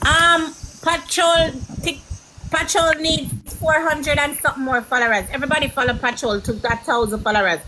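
A woman's voice: high voice, fairly even intonation, normal speed. A woman in casual live-stream chat, talking bluntly and heatedly and swearing freely. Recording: noisy live-stream audio.

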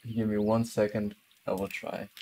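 A man's voice: fairly low pitch, little pitch movement, fairly quick, dark tone. A young man chatting casually while streaming a hunting game, laughing easily and trailing off mid-thought. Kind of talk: casual gaming chat.

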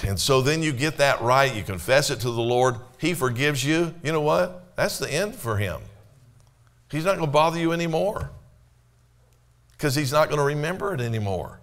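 Higher-pitched male pastor preaching conversationally. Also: a bit bright. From Canada. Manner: conversational preaching with rhetorical questions. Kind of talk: sermon. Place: church.

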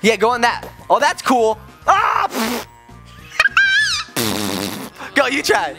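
A man's voice: takes it slowly, over loud music. A man playing a video game with his son, chatting casually and playfully, breaking into sudden squeals. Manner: excitable and goofy, with sudden high squeals. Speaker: gaming video host, father.

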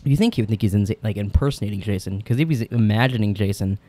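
A man's voice: on the low side, fast, dark tone, no echo. A man co-hosting a podcast, casually recapping a film's plot, laughing often and slipping into silly voices for the characters. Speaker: podcast co-host.

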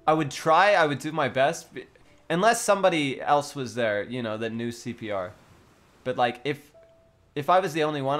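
A man's voice: medium pitch, fairly bright tone. A young man streaming casually, joking with his chat and laughing often.

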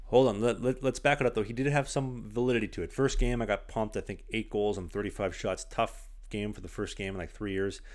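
A young man hosting a podcast, an animated storyteller who says "like" a lot in casual chat. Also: on the low side, fairly quick, few pauses. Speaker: podcast host. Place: small apartment.

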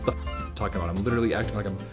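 A man doing reaction commentary on videos, animated and sarcastic with lots of jokes. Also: fairly low pitch, racing, music in the background.

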